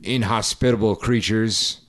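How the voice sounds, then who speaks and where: A man's voice: on the low side, steady tone, unhurried, fairly bright tone. A man co-hosting a comedy podcast, rambling through jokes and restarting his sentences. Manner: rambling, jokey, restarts a lot. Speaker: podcast co-host. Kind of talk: casual comedic chat.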